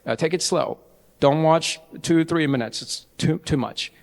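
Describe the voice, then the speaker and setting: Energetic young trainer in a reverberant hall. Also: male voice, a little high, unhurried, vocal fry. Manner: energetic, chatty, restarts often. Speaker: IELTS trainer. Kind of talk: live training talk. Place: large event hall.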